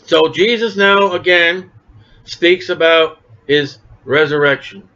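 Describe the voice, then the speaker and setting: A Bible teacher with a rather high voice leads a lively verse-by-verse Bible study sermon at a slow pace. He's animated and conversational, acting out the people he quotes, and the recording sounds dull and lo-fi.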